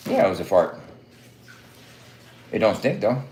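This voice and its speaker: A man's voice: fairly low pitch, very animated, unhurried, darkish tone. A man hosting a casual livestream from his home, swearing constantly and laughing often. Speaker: livestream host. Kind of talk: profane casual livestream chat. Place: room at home.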